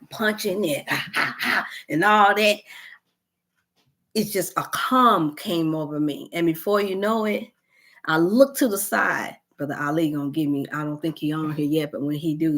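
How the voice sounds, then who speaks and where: A woman hosts a wellness talk. She tells a personal testimonial in an animated way, with sighs and exclamations throughout. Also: sits low. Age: 50s. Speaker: wellness show host. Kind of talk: testimonial storytelling.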